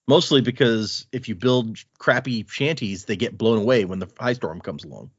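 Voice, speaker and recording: Animated man recapping a book. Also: medium pitch, moderate pace, few pauses, breathy edge, dry recording, dull audio. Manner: animated, chatty retelling. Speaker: podcast co-host. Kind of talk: casual book discussion.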